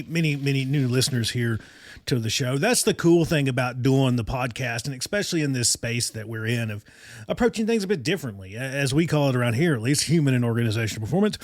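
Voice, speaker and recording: A man hosting his own podcast, chatting casually and enthusiastically into a desk microphone, with lots of fillers and quick laughs. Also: mid-range voice, animated, faint music behind. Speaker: podcast host. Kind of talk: casual solo podcast chat.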